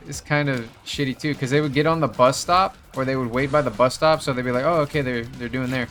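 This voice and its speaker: A man's voice: mid-range voice, a little fast, fairly bright tone, faint music behind. A man hosting a gameplay video, telling a long rambling story in casual chat, swearing often. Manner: rambling storyteller, swears a lot, many fillers. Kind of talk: casual chat while playing a game.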